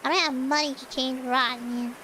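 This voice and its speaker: A woman's voice: sits high, steady tone, moderate pace, bright, forceful tone, slight background noise. A woman streamer in casual livestream chat, rambling with many "like" fillers and frequent coughs, in a cutesy voice.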